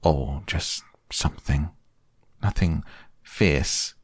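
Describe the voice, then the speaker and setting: A man voicing a simple, good-natured male bear who speaks softly and slowly, often puzzled. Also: extremely low pitch, husky, no echo, studio quality, exaggerated voice. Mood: gentle.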